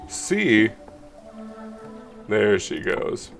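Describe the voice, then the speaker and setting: This gameplay commentator has a lowish, sing-song voice with vocal fry and speaks very slowly, with soft music in the background. In his let's play, he chats casually, jokes around and reads the game's lines aloud.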